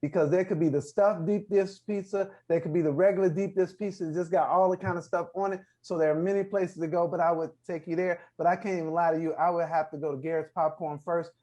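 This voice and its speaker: Animated male film-critic host. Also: high-pitched, fast talker, few pauses. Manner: animated, restarts often while thinking aloud. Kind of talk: roundtable movie review chat.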